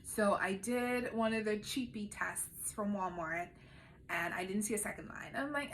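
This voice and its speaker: A woman speaks candidly to her camera at home, telling a personal story with raw emotion that often sinks quiet and subdued. Her voice is bright and clear. A faint hum of room ambience sits behind her. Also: mid-range voice, measured pace. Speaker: vlogger.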